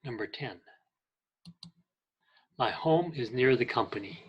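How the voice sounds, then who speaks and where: Heard in a muffled recording, an ESL teacher with a husky, animated, mid-range voice reads example phrases aloud. He patiently and deliberately goes over direction and clarification phrases in a slow English class lesson.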